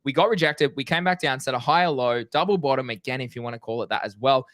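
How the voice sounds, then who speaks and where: A young man co-hosting a casual crypto trading live stream, energetic and slangy. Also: on the high side, quick pace, few pauses, no echo. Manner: energetic, excitable, slangy, swears.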